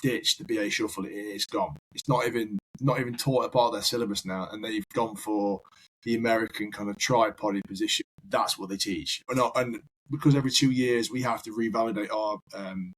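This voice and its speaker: Husky man telling stories. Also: lowish voice, fairly even intonation, fairly quick, rough recording. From United Kingdom. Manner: rambling anecdotal storyteller, repeats words. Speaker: firefighter guest. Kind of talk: casual podcast chat.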